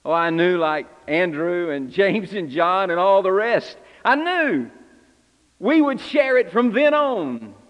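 A preacher acting as Simon Peter, impulsive repentant fisherman, first-person sermon, high voice, long church reverb. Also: very animated, takes it slowly, dull audio, full character voice. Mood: exhorting. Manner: earnest, confessional storytelling, addressing the congregation. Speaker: preacher in character.

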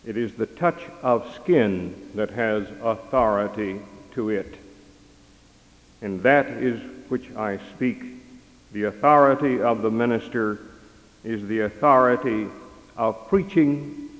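Man in his fifties, slow measured sermon, long chapel reverb. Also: on the low side. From Texas. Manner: slow, deliberate, measured delivery. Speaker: chaplain and worship leader.

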